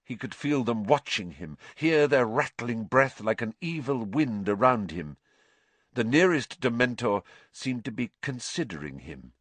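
A man narrating an audiobook in a measured, suspenseful way, dropping low for dark passages. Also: big pitch swings, dry recording.

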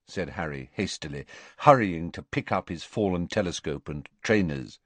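A man narrating an audiobook in an unhurried, expressive storytelling manner. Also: sits low, dry recording. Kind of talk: scripted narration.

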